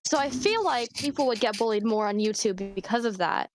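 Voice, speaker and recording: A woman's voice: on the high side, lively intonation, a little fast, slight background noise. A woman chatting casually on a podcast, laughing easily as she talks. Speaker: streamer and podcast guest.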